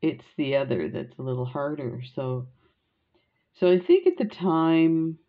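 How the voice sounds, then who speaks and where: A woman's voice: deep voice, lively intonation, a little slow, phone-quality sound. An older woman telling funny family stories in a chatty, laughing way while doing a beading craft. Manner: chatty, laughing, rambling anecdotes. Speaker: crafting vlogger. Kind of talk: casual storytelling while beading.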